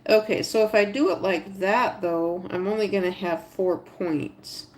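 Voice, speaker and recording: A woman's voice: mid-range voice, fairly even intonation, a little slow, a little hiss or hum. A woman livestreaming a crochet tutorial, thinking aloud step by step, chatting with viewers and talking to her stitches. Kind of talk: casual live tutorial narration.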